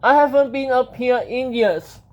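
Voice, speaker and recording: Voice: sits high, measured pace. A storybook reader voicing an eager old man who speaks up urgently, in a dull lo-fi recording.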